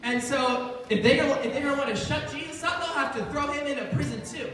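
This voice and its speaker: A man's voice: very high-pitched, fairly quick. A young man giving a playful, laughter-filled youth devotion to children. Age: young adult. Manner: animated, playful, laughing often. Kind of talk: comic youth sermon. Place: indoor hall with children. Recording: echoey hall from far off. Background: children's audience and room noise.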